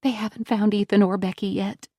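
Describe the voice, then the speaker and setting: A woman voicing a gentle, worried grandmother who soothes and reassures her injured granddaughter. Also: medium pitch, level tone, fairly quick, dry recording, clean studio sound, lightly acted. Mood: soothing.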